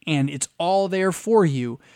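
A man's voice: a little high, expressive, a little slow, dark tone, smooth. A pastor giving a conversational teaching lecture, often checking in with his listeners by asking "right?".

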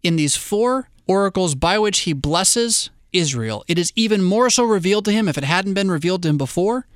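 A man preaching a sermon in a conversational way, with wry asides and quick digressions. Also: sits high, animated, clear, resonant tone, dry recording, clean studio sound. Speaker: pastor.

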